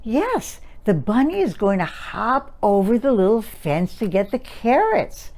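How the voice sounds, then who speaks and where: A woman voicing an aunt reading a picture book to a toddler in sing-songy, high infant-directed speech. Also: very animated, unhurried, darkish tone. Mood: delighted.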